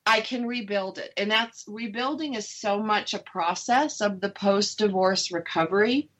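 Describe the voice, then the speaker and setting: A middle-aged woman talking in a loose, candid radio chat. Her voice sits at an ordinary pitch, and she slips into voicing her past thoughts as she goes. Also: moderate pace, fairly bright tone. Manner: candid, chatty, acts out her old thoughts. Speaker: co-host sharing her divorce recovery. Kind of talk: casual radio talk.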